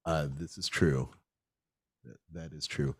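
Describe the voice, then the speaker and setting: A man's voice: extremely low pitch, fairly even intonation, slow, breathy edge, dry recording, clean studio sound. A man co-hosting a podcast in casual chat, playful and jokey, laughing often. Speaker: podcast co-host.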